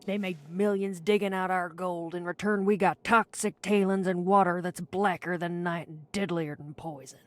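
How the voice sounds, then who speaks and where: A woman's voice: on the low side, steady tone, moderate pace, hardly any pauses, lightly acted. A woman voicing a bitter, swearing small-town woman. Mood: grim. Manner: blunt and scornful, swears freely. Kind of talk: game character dialogue.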